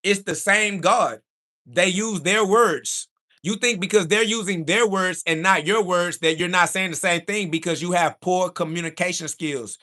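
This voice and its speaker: A man with a high voice hosts a livestream, answering chat at a moderate pace in a combative, preachy monologue. He insults his critics repeatedly and, when heated, rises to a shout.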